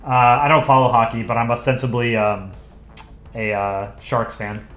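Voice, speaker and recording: A man hosts a drawing livestream, rambling casually as he thinks aloud and chuckling here and there. His medium-pitched voice is fairly bright, with little pitch movement, at a normal speed. The sound is roomy and echoey, with faint background music.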